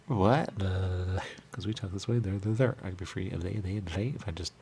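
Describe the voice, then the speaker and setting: A man's voice: low-pitched, moderate pace, creaky, a little mellow, slight background noise. A man hosting a radio talk show, bantering in a rambling, playful way full of repeated wordplay. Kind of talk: loose comedic studio banter. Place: radio studio.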